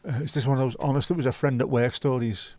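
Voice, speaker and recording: A man's voice: mid-range voice, steady tone, fast talker, mellow, dry recording. A man hosting a livestream, chatting casually and swearing freely while reacting to viewer comments. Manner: laid-back, sweary banter. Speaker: livestream host.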